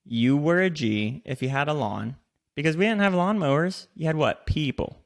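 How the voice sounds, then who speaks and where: Gravelly guy cohosting a podcast, jokes and cusses a lot. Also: a little high, animated, normal speed. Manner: joking, swears freely. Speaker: podcast co-host. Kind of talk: casual podcast chat. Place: in Austin.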